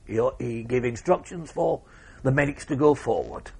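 An older man, telling an interviewer his wartime memories in a measured way, with pauses and restarts. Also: mid-range voice, lively intonation, vocal fry, a little mellow, husky. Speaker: war veteran interviewee. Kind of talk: oral history interview.

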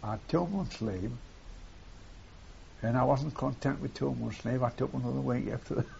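A man's voice: medium pitch, moderate pace, gravelly, a little mellow. An older man, reminiscing in a rambling way and ending his phrases with "see". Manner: rambling, repeats phrases, tags lines with "see". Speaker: war veteran interviewee. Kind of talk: oral history reminiscence. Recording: dull lo-fi tape with faint hiss.

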